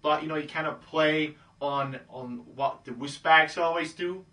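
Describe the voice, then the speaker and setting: A man's voice: fairly high pitch, steady tone, a little slow, bright, forceful tone, recorded from a distance. A man giving casual dating advice who keeps checking in with "okay?". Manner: breezy, acts out pickup lines in quoted voices, says "okay?" a lot. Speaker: dating coach. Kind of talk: casual instructional talk.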